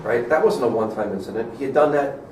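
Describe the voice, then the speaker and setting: A man's voice: medium pitch, fast talker, darkish tone. A man, a student in a class discussion, building an argument with examples. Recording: echoey room, far from mic, faint noise.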